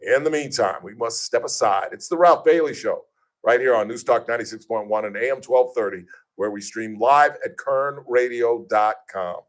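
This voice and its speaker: A man hosting a radio talk show, telling stories casually and animatedly, acting out the voices of people he quotes. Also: normal speed. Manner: animated, acts out quoted voices with big pitch jumps.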